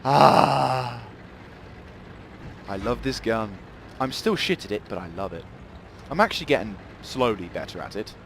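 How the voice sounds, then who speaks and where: A man's voice: lowish voice, big pitch swings, brisk, a bit bright, a little hiss or hum. Rambling man commentating a game. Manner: rambling, swears in sudden outbursts. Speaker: gameplay commentator. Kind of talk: live gameplay commentary.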